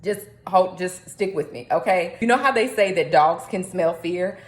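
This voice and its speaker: A young adult woman vlogging in a chatty, animated way, often jumping up into high squeals. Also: moderate pace. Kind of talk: casual talking-head vlog. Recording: echoey room.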